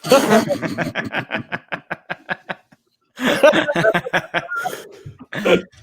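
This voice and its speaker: A man telling puns on a video call in drawn-out question-and-answer setups. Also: high-pitched, huge pitch swings, fairly bright tone, slightly rough. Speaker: comedy guest.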